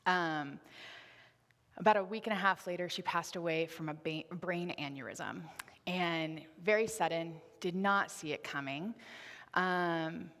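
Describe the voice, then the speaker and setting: Twenties woman preaching, kinda low voice, earnest and chatty, big church reverb. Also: measured pace, a bit bright. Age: 20s. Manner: conversational, candid, earnest. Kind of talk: sermon with personal storytelling. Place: church sanctuary.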